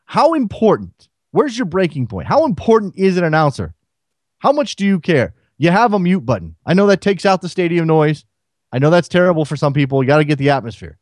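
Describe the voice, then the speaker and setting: A man's voice: on the high side, no room sound, clean studio sound. A man hosting a solo sports talk radio show, firing rhetorical questions at listeners.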